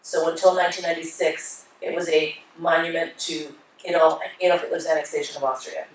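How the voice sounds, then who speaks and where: Animated woman speaking in an echoey hall. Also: sits low, fairly quick, far from the mic. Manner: animated storyteller, acts out voices. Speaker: keynote speaker. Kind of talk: onstage conversation with audience. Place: conference hall.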